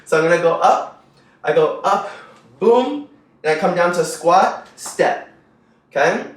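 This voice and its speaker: A young man leads a dance tutorial in a lively, upbeat way, counting beats and scatting rhythms as he moves. His voice sits a little high. It rings through a very echoey room, heard from some distance off the mic. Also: unhurried. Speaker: dance instructor.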